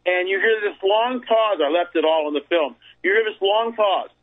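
A man's voice: high voice, moderate pace. Emphatic man on a tinny phone line. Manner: emphatic, repeats phrases for effect. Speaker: radio show guest. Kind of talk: storytelling on a call-in radio show.

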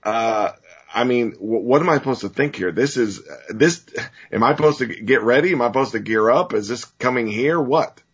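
A man hosting a talk show interview, excitable and quick to exclaim. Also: mid-range voice, husky. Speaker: host. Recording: muffled lo-fi audio.

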